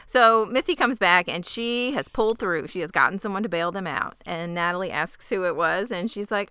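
A woman's voice: fairly low pitch, moderate pace, hardly any pauses, pushed and bright, smooth, no echo, clean studio sound. A woman casually retelling TV episode scenes, quoting the characters as she goes. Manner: chatty storytelling, quotes characters. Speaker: podcast co-host. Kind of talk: casual recap chat.

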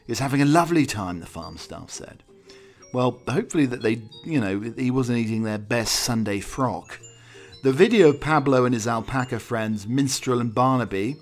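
A man's voice: medium pitch, lively intonation, normal speed, faint music behind. A man hosting a chatty talk show, reading odd news stories with rambling asides and chuckles. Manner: rambling asides, chuckling, filler-heavy tangents. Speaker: radio show host. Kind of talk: chatty news-story banter.

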